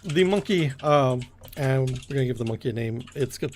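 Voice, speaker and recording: A man's voice: mid-range voice, expressive, brisk, darkish tone, a little hiss or hum. Rambling man narrating as game master. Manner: rambling, with many fillers and restarts.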